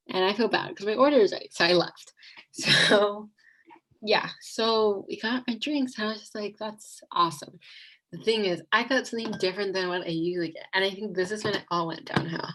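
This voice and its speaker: In a casual storytime shared over a video call, a young female vlogger rambles, giggles, and fills her speech with "like." Her mid-range voice is a bit bright and moves at a moderate pace, captured on a low-quality recording.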